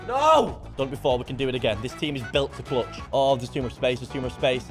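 A young man commentating his own football video game match, muttering under his breath and then bursting into shouts. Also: quick pace, soft background music. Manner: excitable, swings from low muttering to shouted outbursts. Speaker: gaming YouTuber. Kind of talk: live gameplay commentary.

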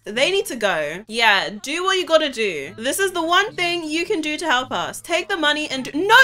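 Young female game commentator, high and bright, excitable and quick to exclaim. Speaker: gaming YouTuber. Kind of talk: let's play commentary.

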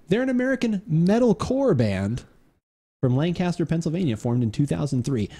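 A man's voice: fairly high pitch, very animated, moderate pace, warm tone, slightly rough. A man hosting a live beverage podcast stream, chatting casually, rambling and interrupting himself, often laughing. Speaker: podcast host. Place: home studio during a live stream.

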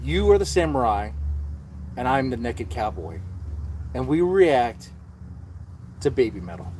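A man's voice: medium pitch, sing-song, measured pace, pauses often, darkish tone, slight background noise. A man hosting a casual livestream, rambling and swearing freely as he chats. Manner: rambling and profane, with frequent restarts. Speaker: livestream host.

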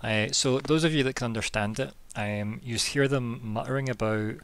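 A man's voice: mid-range voice, moderate pace, a bit bright, a little hiss or hum. A man runs an online tabletop session as game master. He talks in a loose, rambling way with plenty of ums and restarts. His voice sits in an ordinary middle range. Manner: casual, rambling, lots of fillers. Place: home, online voice call.

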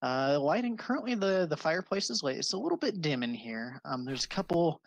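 A game master describing scenes in a tabletop game, halting often with fillers. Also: mid-range voice, big pitch swings, creaky, low-quality recording.

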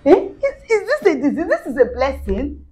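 A high, swooping voice belongs to a frustrated, emotional pregnant wife, played by a woman with a Nigerian accent. She scolds and pleads by turns, tagging her questions with a sharp "Eh?" in a comedy skit. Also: huge pitch swings, normal speed. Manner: pleading and scolding, with repeated "Eh?" tags.

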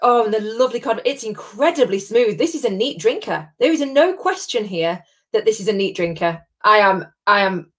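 A woman's voice: medium pitch, animated, brisk. A woman hosts a live-streamed tasting from home. She chats in a bubbly way and greets viewers by name. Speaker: host of a live gin tasting.

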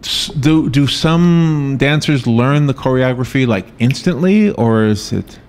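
A man's voice: mid-range voice, expressive, unhurried, darkish tone, smooth. A man hosting a casual live radio chat from a small studio in a mall, talkative and laughing often, with many restarts. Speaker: radio host.

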